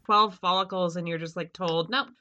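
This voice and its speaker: A woman hosting a podcast chats casually and reacts supportively to her guest. Her fairly low voice is bright, heard through dull, lo-fi audio. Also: steady tone, moderate pace. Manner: supportive, frequent short reactions. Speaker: podcast host. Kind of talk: casual interview chat.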